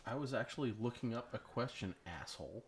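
A man's voice: mid-range voice, lively intonation, brisk. A man in casual podcast chat, cracking crude jokes and needling the others. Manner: wisecracking, crude joker.

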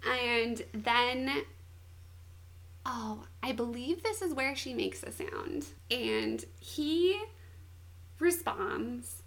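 High-voiced, giggly young woman. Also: drawn-out words, pauses often. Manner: giggly, animated storyteller. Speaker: podcast co-host. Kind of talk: casual chat, retelling a manga.

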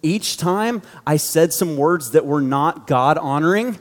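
A man's voice: on the high side, lively intonation, a little slow. A man preaching a sermon to a youth group, conversational and joking as he tells a story. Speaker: youth pastor. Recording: long hall reverb.

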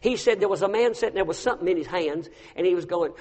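High-voiced preacher in a reverberant church. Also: male voice, fast. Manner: storytelling, swinging from hushed to loud. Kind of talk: sermon. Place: church sanctuary. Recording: long reverb of a large hall.

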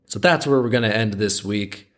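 At a moderate pace, a man with a fairly low and slightly bright voice reads a folk tale on his podcast. He stops now and then to offer rambling, skeptical, wry remarks on the story.

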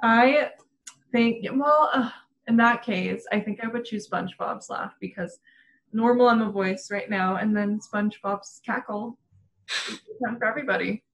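A woman's voice: fairly high pitch, moderate pace, lo-fi sound, slight background noise. A woman in casual chat, giggling often and talking with lots of fillers. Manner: giggly, chatty, many fillers.

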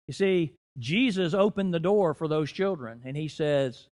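Middle-aged guy preaching in church, kinda high voice, gets loud then quiet, drags out the big lines. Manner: preaching with swings in loudness, slowing to stress key phrases. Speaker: guest preacher. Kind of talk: sermon.

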